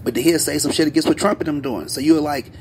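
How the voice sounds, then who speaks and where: A man co-hosting a podcast, telling stories in a loose, animated way with plenty of slang and asides. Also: on the high side, fast talker, a little hiss or hum. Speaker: podcast co-host. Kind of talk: casual podcast chat.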